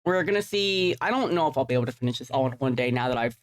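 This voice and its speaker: A woman's voice: very deep voice, lively intonation, rapid-fire, no echo. A woman livestreaming, chatting casually and rambling with offhand swearing while setting up a game. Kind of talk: casual live-stream chat while gaming.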